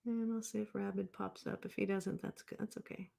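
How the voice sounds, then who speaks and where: A woman's voice: medium pitch, flat delivery, fairly quick, creaky, mellow. A woman in her fifties, a therapist hosting a livestream, talking casually and rambling as she reads viewer comments aloud. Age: 50s.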